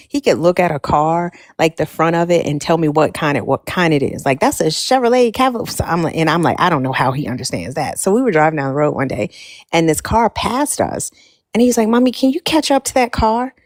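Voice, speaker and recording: Woman, casual storyteller, lively pitch, dry mic. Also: a little fast, dry recording. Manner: animated storyteller, quotes people in voices. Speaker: mother on a live stream chat. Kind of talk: casual chat.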